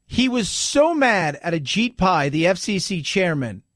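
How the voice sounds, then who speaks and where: Animated talk radio host, man. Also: high-pitched, measured pace, no room sound, studio quality. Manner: animated, mocking, jumps into exaggerated quoted voices.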